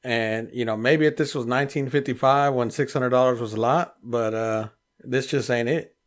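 A man's voice: mid-range voice, steady tone, moderate pace. A man, chatting casually on a podcast and telling profane stories with quoted voices. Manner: profane storyteller, acts out quoted people. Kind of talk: casual chat.

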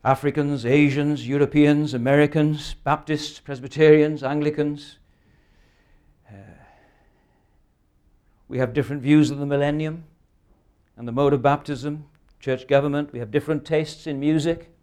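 Earnest man preaching, slightly high voice. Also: steady tone, normal speed, a little mellow, clear, resonant tone. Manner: earnest, emphatic preaching with rhetorical questions. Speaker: pastor. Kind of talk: sermon.

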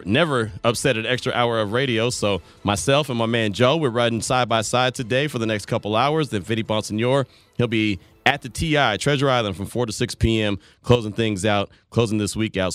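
A man hosting a sports talk radio show, chatting loosely and rambling between listener messages and calls. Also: lowish voice. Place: radio studio. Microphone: studio microphone.

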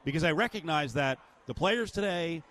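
A man's voice: on the high side, animated, normal speed, a bit bright. A man in his fifties hosting a sports talk show, steering the chat with strong opinions. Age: 50s. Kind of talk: casual sports radio chat.

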